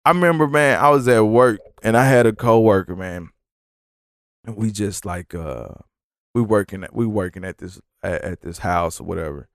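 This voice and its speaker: A man hosting a podcast, telling stories in a profane, animated, rambling way. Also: on the low side, moderate pace, dry recording, clean studio sound. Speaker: podcast host. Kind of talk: casual storytelling monologue.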